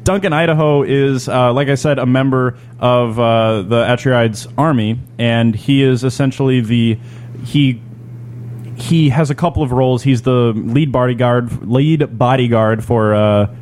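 A man's voice: medium pitch, fairly even intonation, unhurried, a little mellow, a little hiss or hum. A man co-hosting a casual podcast chat, explaining things at length with many restarts and fillers. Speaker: podcast co-host.

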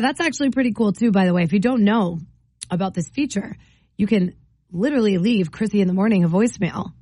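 A woman's voice: mid-range voice, darkish tone, dry recording. A woman hosting a morning radio show, chatting casually and laughing often between bits. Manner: chatty, laughs often, repeats phone number. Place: radio studio.

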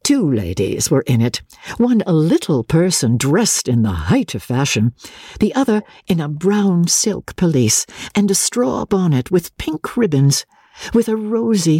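Brief: theatrical audiobook narrator, lively swooping pitch, breathy tone, dry close mic. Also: dry recording. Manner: theatrical, varied reading with soft chuckles. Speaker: audiobook reader. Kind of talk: expressive classic-novel narration.

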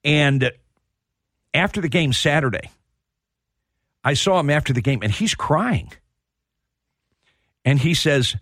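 A man hosting a sports radio show, telling stories in a heartfelt, halting way. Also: on the high side, animated, a bit bright, breathy edge, no room sound, studio quality. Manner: storytelling, emotional, repeats words when starting. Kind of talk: casual sports talk.

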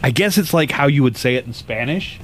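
A man hosting a morning radio show, chatting casually and telling stories with jumps in pitch. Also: expressive, brisk, a bit bright, slight background noise. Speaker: radio host.

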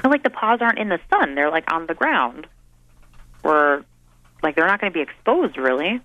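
A woman meteorologist giving a weather forecast and chatting casually, with quick talk and lots of fillers. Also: sits low, sing-song, dry recording, muffled recording.

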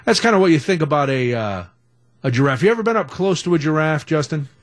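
A middle-aged man hosting a radio talk show, telling a story in a chatty, animated way. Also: a little high, quick pace. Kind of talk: casual storytelling.

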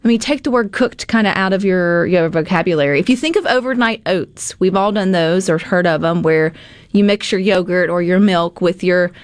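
A woman hosting a casual cooking segment, chatty and animated, with frequent filler words. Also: fairly low pitch, moderate pace, dry recording. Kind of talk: casual cooking demo chat.

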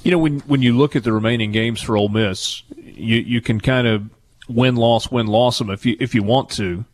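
A man's voice: medium pitch, normal speed. Easygoing male sports radio host. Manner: easygoing, rambling with fillers. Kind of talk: casual sports talk. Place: on location away from the studio.

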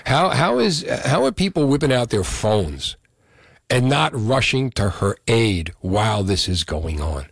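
A man's voice: on the low side, expressive, unhurried, creaky, no room sound, studio quality. A male radio talk show host, delivering an indignant call-in monologue full of rhetorical questions.

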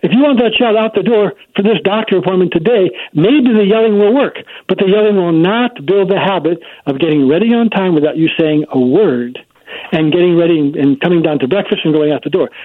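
A man's voice: sits high, brisk, dry recording. A man speaking as a child psychology expert guest, explaining his points emphatically in an interview. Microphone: phone. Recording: dry tinny phone line.

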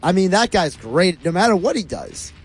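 A man's voice: sits high, big pitch swings, normal speed, husky, soft background music, low-quality recording. A man co-hosting a sports radio show, chatting casually and enjoying a funny clip. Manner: amused, eager to share clips.

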